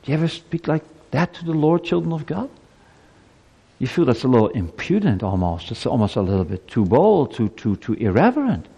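A man's voice: medium pitch, very animated, fairly quick, creaky, dark tone, husky, dull audio. A man preaching a sermon to a congregation, emphatic, with rhetorical questions and stammered repeats. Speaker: pastor. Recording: long hall reverb.

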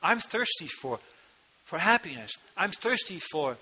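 A man preaching a sermon into a microphone to his congregation, slow and emphatic, rising to loud cries on key words, speaking with a turn of phrase. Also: high voice, big pitch swings, a little hiss or hum. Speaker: pastor. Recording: dull lo-fi sound.

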